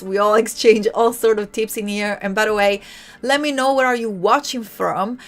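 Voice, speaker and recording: A young woman with an Italian accent, hosting a casual live design tutorial and chatting with viewers. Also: medium pitch. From Italy. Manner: chatty, lively, talks to viewers in chat. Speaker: livestream host.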